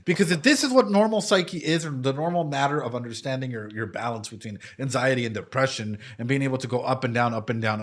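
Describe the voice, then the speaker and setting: A young man, a psychologist, giving casual, animated reaction commentary from his streaming room, swearing freely. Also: fairly high pitch. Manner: animated, swearing, emotional, laughs and nearly cries.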